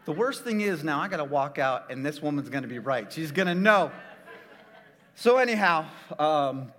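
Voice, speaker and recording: A man's voice: a little high, animated, moderate pace, a bit bright, long reverb tail. A middle-aged man, a pastor, tells a funny personal story in a sermon, jokey and talking straight to his audience.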